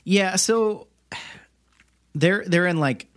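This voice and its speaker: A man co-hosting a podcast, explaining movie details in a relaxed, casual way with lots of fillers. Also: high-pitched, extremely slow, no room sound, clean studio sound. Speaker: podcast co-host.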